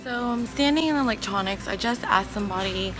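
A young woman with a husky voice, chatting excitedly to her viewers in a casual vlog. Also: medium pitch, a little fast, over music. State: husky, lowered voice while recovering. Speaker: vlogger.

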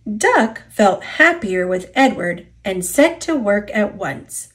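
A woman reading a children's picture book aloud, expressive and deliberate. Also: medium pitch. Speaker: storybook narrator.

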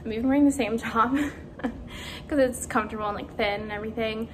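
Brief: young woman, fairly high voice, chatty home vlogger, noisy camera audio. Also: a little fast. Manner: chatty, filler-heavy. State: out of breath. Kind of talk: casual vlog chat. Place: at home in an apartment. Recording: home camera audio with clear background noise.

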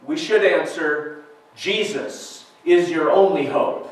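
A man's voice: on the high side, slow. A man preaching a sermon as a pastor, earnest and questioning, reading scripture aloud between his points. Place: church sanctuary. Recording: echoey church recording from far off.

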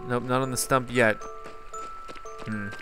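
A man's voice: medium pitch, steady tone, a little slow, over music. A man giving casual, rambling gameplay commentary and talking straight to his viewers. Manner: rambling, chatty, talks to viewers. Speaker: gaming YouTuber.

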